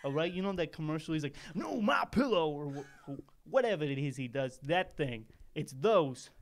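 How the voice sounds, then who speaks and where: A man's voice: fairly high pitch, big pitch swings, normal speed. A man voicing a poor, rambling small-time mafia henchman who talks like a tough guy and keeps digressing, as a comedic monologue. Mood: grumbling.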